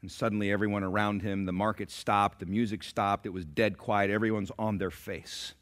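A man preaching a sermon in a church, telling a story dramatically and swinging from hushed to loud. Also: lowish voice, little pitch movement, normal speed. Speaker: pastor. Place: church sanctuary.

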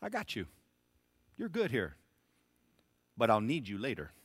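A man's voice: mid-range voice, huge pitch swings, measured pace, husky, no room sound, exaggerated voice. A man voicing a sly male devil who tempts with offers, in a coaxing, bargaining manner.

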